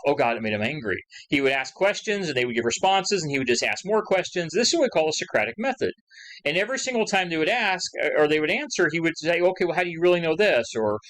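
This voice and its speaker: A man's voice: fairly high pitch, a bit bright, poor audio. A man giving a recorded history lecture in a conversational, rambling way, full of asides and fillers, acting out quoted questions with rising emphasis. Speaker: history teacher.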